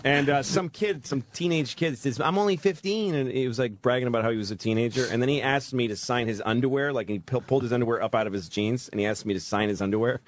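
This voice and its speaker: A man's voice: medium pitch, quick pace, few pauses, a little hiss or hum. A male comedian casually telling a story from a tour, laughing at the punchline. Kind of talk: casual storytelling among friends.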